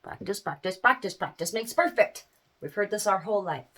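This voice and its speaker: A middle-aged woman talking casually to parents in a folksy, animated way, laughing often. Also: medium pitch, brisk. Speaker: small business owner giving parenting advice. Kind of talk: casual chat to camera.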